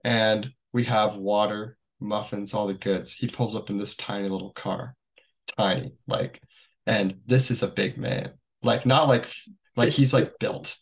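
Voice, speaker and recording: A man's voice: lowish voice, steady tone, a little slow, highs cut off. A young adult man, a podcast guest, telling stories in a rambling casual way, full of fillers. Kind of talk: casual storytelling.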